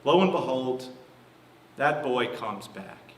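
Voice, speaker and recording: A man preaching a sermon as pastor, telling a story with lively acted-out voices. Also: a little high, normal speed, slight background noise. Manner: animated storytelling, acting out quoted voices. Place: church hall. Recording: echoey room, from a distance.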